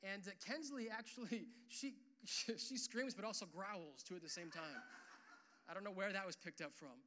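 A young adult man preaching a sermon in a casual, animated way, full of "like" and "uh", swelling louder on key points. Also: high-pitched, moderate pace, noisy background. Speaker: pastor.

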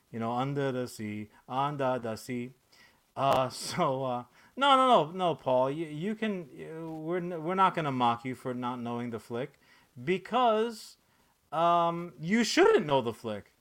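A man's voice: medium pitch, expressive, unhurried, a bit bright. A man hosting a podcast in casual chat, ranting with lots of swearing and filler words. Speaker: podcast host.

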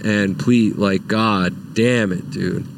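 A young man ranting casually and profanely, exasperated and jumping into loud high-pitched outbursts. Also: steady tone, takes it slowly, gravelly, a little hiss or hum. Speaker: vlogger. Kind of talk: casual rant to camera.

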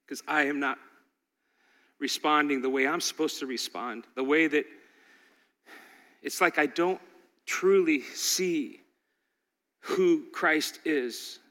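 Impassioned preacher in a reverberant hall. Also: male voice, on the high side, slow, pauses often. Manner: impassioned, swings from loud exhortation to quiet intensity. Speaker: pastor. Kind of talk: sermon. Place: large church hall.

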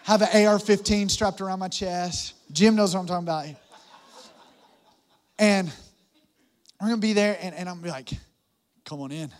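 A young man preaches to his congregation with a high-pitched voice. He is playful and animated, cracking jokes and talking straight to the crowd. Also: normal speed, long pauses. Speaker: pastor. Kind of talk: sermon.

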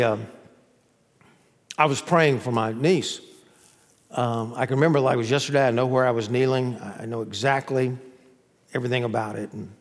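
A male pastor preaching a sermon, swelling into loud cries and dropping to a hushed voice. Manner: drops to a hushed, low voice at tender moments. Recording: long reverb of a large hall.

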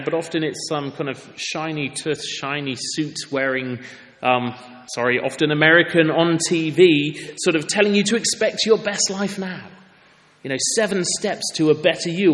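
A man's voice: fairly high pitch, fairly bright tone, big-room sound. A man preaching a sermon in a church, with an earnest, conversational and emphatic way of speaking.

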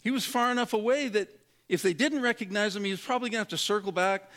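Talking quickly in a high, slightly bright voice, a male pastor gives a sermon full of jokes and conversational asides. He brings the people in his story to life by acting out their voices.

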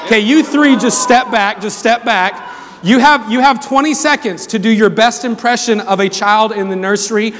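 Brief: high-pitched male chapel speaker, joking with a student crowd, long hall echo, crowd murmur. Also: normal speed, a bit bright. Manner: playful, jokey, calls out to the crowd. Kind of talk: lively sermon intro with audience game. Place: large hall with student audience. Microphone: handheld mic. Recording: reverberant hall, crowd and noise.

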